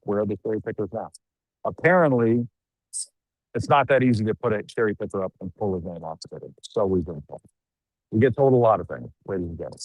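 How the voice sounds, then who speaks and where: A man's voice: fairly low pitch, no echo, low-quality recording. Man reporting live outdoors at night. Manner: conversational, wry asides, frequent fillers. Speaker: news show host reporting live. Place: outdoors at night among a crowd.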